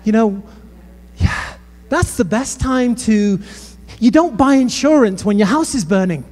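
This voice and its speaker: Speaking at a measured pace, a British man with a high-sitting voice preaches a sermon. He entertains the crowd with funny stories and talks straight to them in lively asides, all echoing through a large hall's long reverb.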